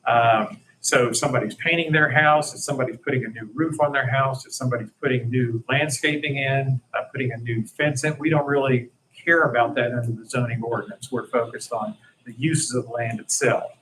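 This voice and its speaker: A man at a council meeting works through a draft ordinance slide by slide. His voice sits at an ordinary middle pitch, loose and plain-spoken, with frequent "uh"s. A faint hum of the room stays underneath. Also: fairly even intonation, brisk, fairly bright tone, poor audio. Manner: self-deprecating, plain-spoken, many fillers. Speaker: presenter at a city council meeting.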